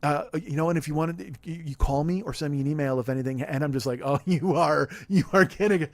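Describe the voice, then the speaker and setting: Fast-talking profane man, dry mic. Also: on the high side, no room sound. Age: 40s. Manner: profane, self-deprecating, rambling. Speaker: podcast host. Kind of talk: casual comedic rant. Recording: dry close-mic studio sound.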